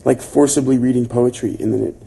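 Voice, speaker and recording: His mid-range voice is gravelly with a breathy edge, and he speaks at a quick pace. The young man hosts a casual book club livestream, chatting loosely with plenty of fillers, and reads viewers' comments aloud and reacts to them.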